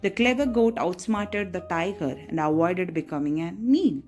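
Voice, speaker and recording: A woman's voice: fairly low pitch, animated, normal speed, darkish tone, faint music behind. A woman narrating a moral story for children in a chatty way, often checking in with her listeners. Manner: chatty, asks listeners "right?".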